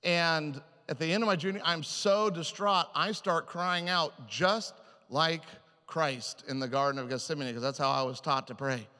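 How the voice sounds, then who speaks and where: Man, humorous sermon, self-mocking, animated, bright forceful tone, long hall reverb. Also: fairly high pitch. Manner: animated, self-mocking, quick shifts into quoted voices. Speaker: preacher.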